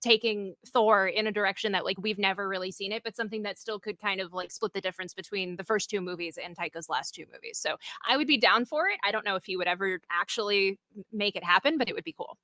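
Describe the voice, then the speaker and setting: A woman's voice: mid-range voice, fast, bright, forceful tone, no room sound. A woman co-hosting a casual movie news show, chatty and upbeat. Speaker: co-host. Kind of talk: casual chat.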